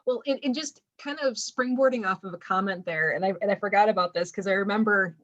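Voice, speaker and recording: A woman hosts a virtual author chat, feeling her way into each question with restarts and fillers. Her pitch is mid-range, and the video call audio sounds dull and lo-fi. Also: a bit bright. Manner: halting, restarts while asking questions. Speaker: interviewer, fundraiser host.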